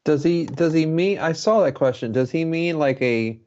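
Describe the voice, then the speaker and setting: Mellow-voiced man co-hosting a podcast. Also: a little high, normal speed. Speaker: podcast co-host. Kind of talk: casual podcast chat. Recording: dull lo-fi podcast audio.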